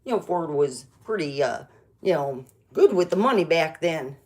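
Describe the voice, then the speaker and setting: A woman's voice: low voice, animated, moderate pace, darkish tone. A middle-aged woman doing a rambling, meandering stand-up style comedy monologue, chatty and full of restarts.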